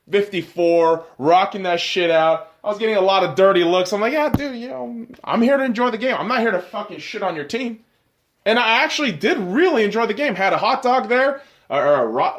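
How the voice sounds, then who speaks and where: A man's voice: high voice, a bit bright. A young man hosting a podcast, telling a profane, blunt travel story in a casual rant. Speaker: podcast host.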